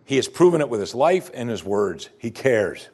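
A man preaching a sermon, his pitch swinging widely as he presses his listeners with rhetorical questions. His delivery is animated and expository, the manner of a pastor walking a congregation through a passage. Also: moderate pace, slightly rough.

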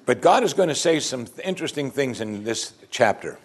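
A man's voice: medium pitch, expressive, brisk, slightly rough. A male pastor preaching a sermon, building emphasis and pressing his listeners with pointed questions.

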